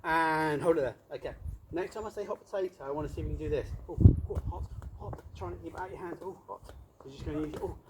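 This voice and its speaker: Upbeat PE coach instructing kids. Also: male voice, a little high, racing, background noise. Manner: encouraging, instructive, playful. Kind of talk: coaching children in a game. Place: outdoor pitch with cones.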